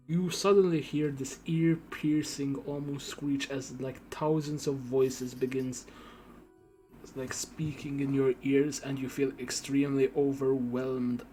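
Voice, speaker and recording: A man's voice: medium pitch, steady tone, a little slow, dark tone, soft background music. A man narrating as game master in a casual, profane way, full of fillers.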